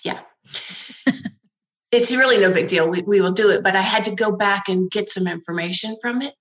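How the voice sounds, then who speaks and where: A woman's voice: mid-range voice, moderate pace, a bit bright. A woman who founded a nonprofit, telling her story in a conversational interview, laughing often and acting out the people she quotes.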